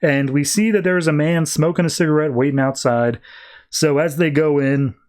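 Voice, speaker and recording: A man's voice: fairly high pitch, normal speed, darkish tone. A man hosting a podcast, recapping comics in a rambling, slangy way and acting out the characters' lines. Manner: rambling, slangy, acts out quotes. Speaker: podcast host. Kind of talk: casual comic book recap.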